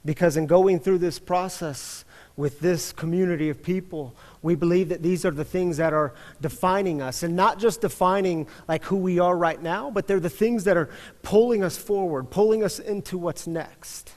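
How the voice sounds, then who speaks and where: A male pastor giving an earnest sermon to his congregation, telling a story and building up then dropping soft. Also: high voice, normal speed. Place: church sanctuary. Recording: long church-hall reverb.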